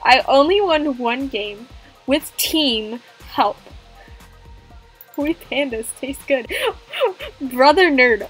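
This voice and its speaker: High-voiced excitable woman gamer. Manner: excitable, gasping, jokey. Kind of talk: playful game commentary.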